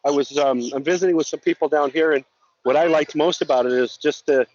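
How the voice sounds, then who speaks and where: A man's voice: fairly high pitch, fairly quick, a little mellow. A middle-aged man calling in as a guest, a law enforcement officer from Montana, chatting casually in an earnest way and often repeating his words. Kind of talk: casual chat. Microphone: remote call-in. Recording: slightly dull call audio with faint noise.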